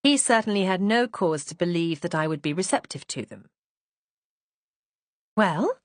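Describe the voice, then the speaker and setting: Woman narrator, audiobook reading, lively pitch, dry close sound, poised. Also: brisk, no room sound. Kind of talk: scripted first-person narration.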